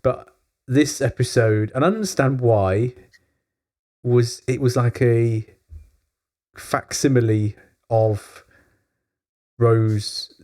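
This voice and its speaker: A man co-hosting a casual review podcast, wry and measured, often laughing. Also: medium pitch, a little mellow. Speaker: podcast co-host.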